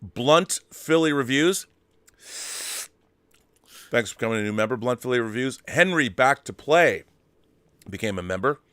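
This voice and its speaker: A man's voice: medium pitch, animated, moderate pace, pauses often, a bit bright, smooth, no room sound. A man hosting a live stream, chatty and joking as he reads out viewer messages. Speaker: host. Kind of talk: casual live-stream chat.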